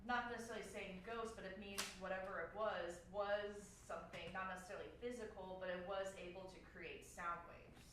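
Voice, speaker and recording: A woman's voice: mid-range voice, steady tone, brisk, hardly any pauses, a bit bright. A woman, a paranormal investigator, chatting casually and telling stories with a slightly sore, coughing throat. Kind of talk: casual chat. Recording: echoey, distant, noisy room.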